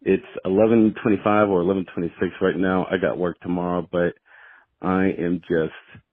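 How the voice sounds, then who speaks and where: A man's voice: low-pitched, level tone, normal speed, dry recording. A tired man calling in to a sports show, talking in an easygoing way with frequent fillers. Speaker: caller. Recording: tinny phone line.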